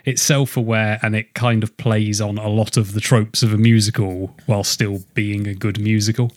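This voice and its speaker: Jokey podcast host, dry sound. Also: male voice, moderate pace, no room sound. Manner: jokey, animated, rising pitch when excited. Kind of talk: casual podcast chat.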